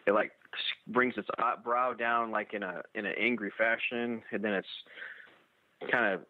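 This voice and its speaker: A man telling his own encounter story in a halting way, full of restarts and fillers. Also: fairly low pitch, steady tone. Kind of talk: first-person storytelling. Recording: tinny dry phone-like radio audio.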